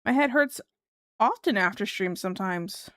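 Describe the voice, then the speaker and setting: A woman's voice: mid-range voice, expressive, moderate pace, fairly bright tone, no room sound, clean studio sound. Giggly streamer woman chatting with viewers. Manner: rambling, giggly, many fillers. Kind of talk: casual chat reading viewer comments.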